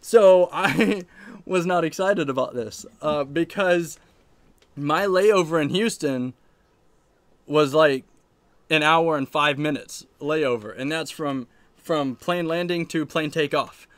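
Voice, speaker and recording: A man hosting a live stream from his room, telling a long story in a rambling, animated way and laughing often. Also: on the high side, slow, no room sound. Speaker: arcade channel host.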